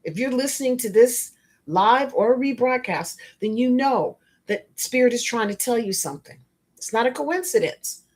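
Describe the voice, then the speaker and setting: Husky-voiced woman coaching bluntly. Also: on the high side, lively intonation, normal speed. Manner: emphatic, blunt, with frank asides; storytelling and preachy, addressing listeners directly. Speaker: spiritual life coach and podcast host. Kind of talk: motivational podcast monologue.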